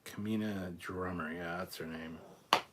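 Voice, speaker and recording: A man's voice: sits low, steady tone, moderate pace, very noisy. Blunt, swearing man ranting casually. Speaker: host reading live chat. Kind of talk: casual live-stream chat.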